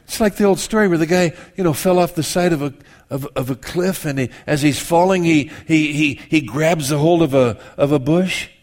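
A man's voice: fairly high pitch, normal speed, a little mellow. A male pastor preaching a sermon in a conversational way, acting out people's prayers with humorous asides.

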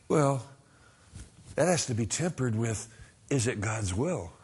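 A middle-aged man preaching a sermon as a pastor, earnest and conversational, swinging between emphatic lines and hushed ones. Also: medium pitch, lively intonation, slow, breathy edge.

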